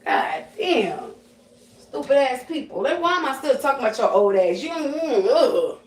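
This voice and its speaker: A woman's voice: sits high, big pitch swings, moderate pace, roomy sound. Profane woman ranting at a distant mic. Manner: profane, confrontational, slangy. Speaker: livestreamer and psychic medium. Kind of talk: livestream rant.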